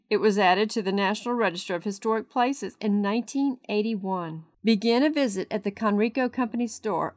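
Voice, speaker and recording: A woman's voice: medium pitch, no room sound, studio quality. A woman travel vlogger narrating a video voice-over in a chatty way, often asking the listener questions.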